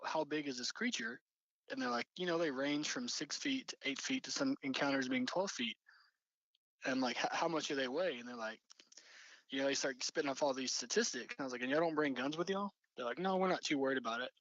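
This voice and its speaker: Young male storyteller, mid-pitched, loose and rambling, dull dry recording. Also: fairly bright tone, no room sound. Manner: rambling, many fillers and restarts. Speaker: storyteller recounting an encounter. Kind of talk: casual spoken storytelling.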